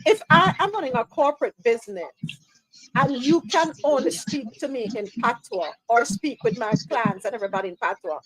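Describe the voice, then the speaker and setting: A woman's voice: fairly high pitch, lively intonation, a little fast, husky. A woman with a Jamaican accent hosting a live talk podcast, giving emphatic, opinionated commentary and slipping into patois now and then. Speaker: podcast host.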